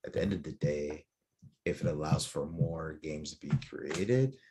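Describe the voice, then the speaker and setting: A man with a very deep, husky voice talks on a casual podcast roundtable. He stays optimistic and keeps hedging with "like" and "right?". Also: normal speed, mellow. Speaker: podcast co-host.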